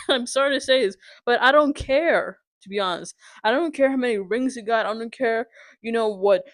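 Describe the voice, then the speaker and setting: A woman's voice: on the high side, normal speed, no echo. Angry swearing young woman ranting. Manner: exasperated, swearing, repeats "you understand?". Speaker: vlogger. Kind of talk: angry sports rant.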